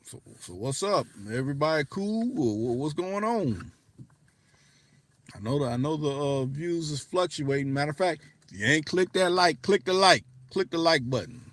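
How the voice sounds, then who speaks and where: A slightly high, fairly bright, animated voice belongs to a man with an African American English accent hosting a livestream at normal speed. His loose chat is peppered with profanity and restarts.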